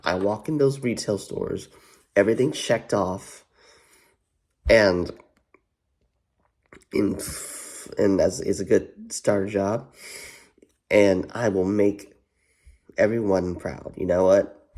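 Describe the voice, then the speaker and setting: A man's voice: lowish voice, takes it slowly, long pauses, darkish tone. A man vlogging in a rambling, profane way, full of "you know what" fillers and repeats. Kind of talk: casual rambling commentary.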